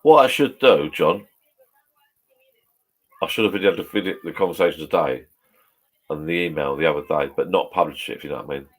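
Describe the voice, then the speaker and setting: Very deep-voiced swearing man. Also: brisk, pauses often. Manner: swears freely, rambling and chatty. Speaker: vlogger chatting with live viewers. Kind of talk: casual live-stream chat. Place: home garden bar shed.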